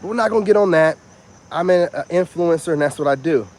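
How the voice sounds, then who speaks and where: Animated rambling self-help man. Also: on the high side, fast talker. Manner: animated, rambling, repeats "you know what I'm saying". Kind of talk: casual vlog monologue.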